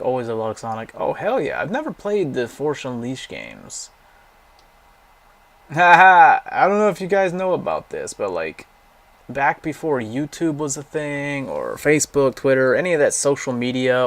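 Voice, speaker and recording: A young man casually rambling through a game library, giving blunt, profane opinions and going off on tangents. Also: medium pitch. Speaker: gaming vlogger.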